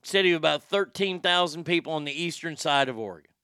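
A man's voice: fairly high pitch, fast, sharp tone, clean tone, no room sound, studio quality. A man hosting a show, telling crude news stories in a sarcastic, joking way. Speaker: host. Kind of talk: casual comedic news commentary.

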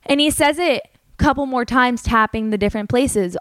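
A woman's voice: a little high, a little fast, no echo. Earnest young woman telling a personal story. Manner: earnest, candid and emotional, with many "like" fillers. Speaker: podcast host.

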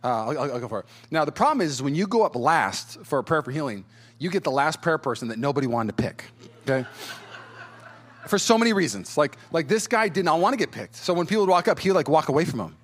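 His pitch runs on the high side as he preaches quickly, sharing a personal anecdote with plenty of animation. Quotes get acted out in different voices, and chuckles pepper his speech.

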